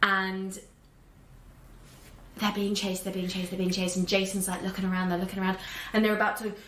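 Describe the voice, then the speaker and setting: A woman in her twenties chatting casually about a film, telling it with lively acted-out reactions and bursts of laughter. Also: mid-range voice, brisk, a little hiss or hum. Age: 20s. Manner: animated storytelling, laughing, acting out reactions. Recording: echoey room.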